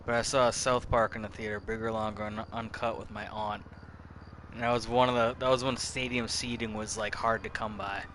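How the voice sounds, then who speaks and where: A man's voice: lowish voice, level tone, moderate pace, fairly bright tone, a little hiss or hum. Rambling, profane man in his thirties. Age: 30s. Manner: rambling, profane, self-interrupting. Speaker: gameplay streamer. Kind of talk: casual gameplay commentary.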